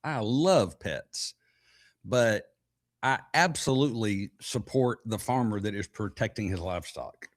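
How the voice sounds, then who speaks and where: A man co-hosting a podcast in casual chat, talking haltingly with frequent restarts. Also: lowish voice, animated. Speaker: podcast co-host. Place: live podcast recording.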